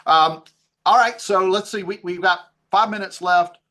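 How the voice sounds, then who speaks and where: A man moderating a panel discussion, thinking aloud as he frames questions in a relaxed, conversational way. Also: high voice, measured pace.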